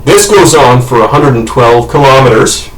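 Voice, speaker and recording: A man co-hosting a podcast, telling a comic story casually with loud shouted impressions, swearing and laughter. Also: mid-range voice, expressive, normal speed. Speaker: podcast co-host. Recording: roomy, distant, noisy home mic.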